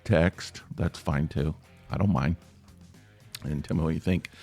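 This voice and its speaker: A man's voice: very deep voice, a little slow, vocal fry, dark tone, slightly rough, faint music behind. A man from East Tennessee with an East Tennessee accent, hosting a solo podcast in a rambling, self-deprecating way and asking listeners for feedback. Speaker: podcast host.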